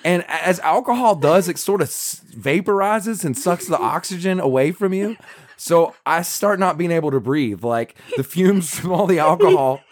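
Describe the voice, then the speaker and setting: A man's voice: a little high, moderate pace. A man casually retelling a funny mishap with his partner, acting out buzzing sounds. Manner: animated, acts out buzzing sounds. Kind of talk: casual storytelling chat.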